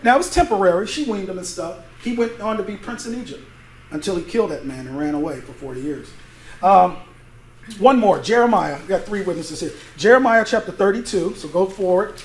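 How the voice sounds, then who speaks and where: A man's voice: high-pitched, animated, fairly quick. A male pastor teaching a Bible study sermon in a conversational way, asking his congregation to fill in words as he reads scripture aloud. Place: church sanctuary. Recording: echoey church room, faint noise.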